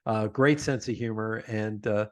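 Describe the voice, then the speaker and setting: Lively, dry-sounding man telling stories. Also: lowish voice, measured pace, no echo. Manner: animated storyteller, laughs often. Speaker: podcast host, guest. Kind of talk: conversational interview.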